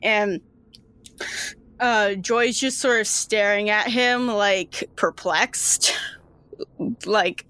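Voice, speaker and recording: Woman game master narrating a tabletop game; slow, rambling delivery. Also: mid-range voice, fairly even intonation, bright, forceful tone, clean tone. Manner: rambling, filler-heavy.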